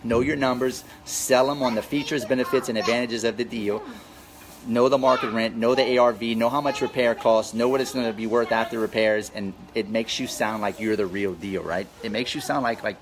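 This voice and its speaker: A man's voice: medium pitch, steady tone, fairly quick, poor audio. A man coaching real estate wholesalers in a live Q&A, talking energetically and repeating his key points for emphasis. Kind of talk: live Q&A with viewers.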